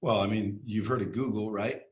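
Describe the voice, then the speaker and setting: A man being interviewed as a guest, talking bluntly and emphatically with casual swearing and rapid-fire questions. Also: on the low side, steady tone. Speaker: interview guest, sales training entrepreneur. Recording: echoey room.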